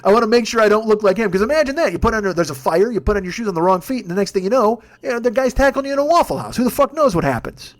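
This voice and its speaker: Guy rattling off a funny story quick, swears a ton, kinda high voice. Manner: profane, rambling, animated. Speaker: podcast host. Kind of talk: comedic storytelling monologue.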